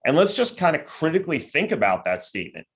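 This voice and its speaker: A man's voice: on the high side, big pitch swings, fast talker, fairly bright tone. Man lecturing conversationally on security. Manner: conversational, with frequent tag questions; acts out listeners' objections in quoted voices. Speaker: cybersecurity company executive giving a lecture. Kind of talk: virtual conference lecture.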